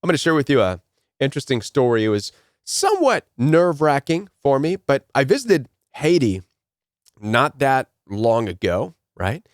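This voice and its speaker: A man's voice: medium pitch, very animated, normal speed, no echo, studio quality. A man giving a motivational talk, telling a personal story earnestly and often repeating key phrases. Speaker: self-help speaker.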